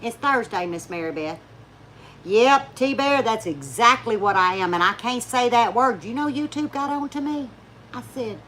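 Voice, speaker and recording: A woman with a drawl talks straight to her viewers, spinning folksy stories and laughing as she goes. Her voice sits a little high. A faint hiss lingers under the recording. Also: expressive, normal speed, fairly bright tone. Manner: chatty, folksy, laughs often, mimics people in stories. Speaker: YouTube vlogger. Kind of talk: casual storytelling chat to viewers.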